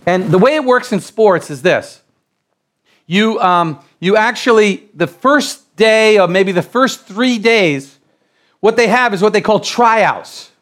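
A middle-aged man from the United States preaching a sermon, repeating and restarting phrases as he builds to loud exclamations. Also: sits high, expressive, slow pace.

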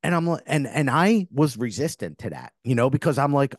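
A middle-aged man talks through a spiritual podcast monologue at a middle pitch. His delivery is earnest and meandering, doubling back on himself often. The recording is close and dry, with no room sound. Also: animated, fairly quick, no room sound. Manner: earnest, rambling with frequent restarts. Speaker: podcast host.

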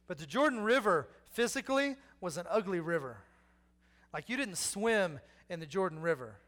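A man's voice: sits high, sing-song, normal speed, fairly bright tone. A man, preaching a sermon with humor, repeating key lines and acting out people in the story. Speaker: pastor.

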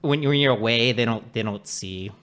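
A man's voice: medium pitch, normal speed, a bit bright, clear, resonant tone. A man in casual conversation, rambling with many restarts and frequent swearing, sharing his own experiences. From Canada. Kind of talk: casual chat.

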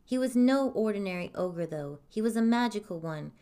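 A woman reading a fairy tale aloud in a calm, even storytelling manner. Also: mid-range voice, moderate pace.

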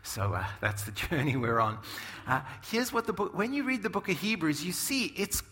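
A middle-aged man preaching a sermon in a conversational, animated way, often asking "right?". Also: sits high, normal speed, big-room sound. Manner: animated, conversational, many asides and tag questions. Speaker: pastor.

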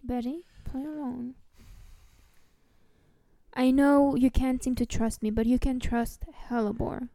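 Earnest woman player, mellow tone, dry close sound. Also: high voice, flat delivery, slow pace, long pauses, dry recording. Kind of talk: playing a character in a tabletop game.

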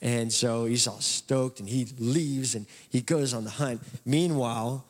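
A man preaching a sermon, retelling a story in a casual, animated way. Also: medium pitch, a little slow. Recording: long hall reverb.

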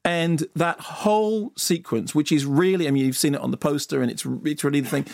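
A man's voice: on the high side, brisk, gravelly, darkish tone, no echo, clean studio sound. A man reviewing films on the radio. He talks with enthusiasm and often stumbles and starts his sentences over. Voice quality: enthusiastic, lots of stumbles and restarts. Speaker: film critic. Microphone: studio radio mic.

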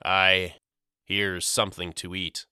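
A man's voice: low voice, a little slow, sharp tone, smooth, no echo, clean studio sound, exaggerated voice. A man voicing a middle-aged father who stammers and mutters evasively in a storybook reading. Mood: awkward.

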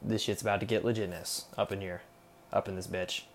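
A man's voice: low voice, flat delivery, fairly quick. A young man hosting a solo podcast, rambling and swearing, with "okay?" tagged on after his points. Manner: rambling, profane, repeats "okay?". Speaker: podcast host. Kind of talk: casual solo podcast rant.

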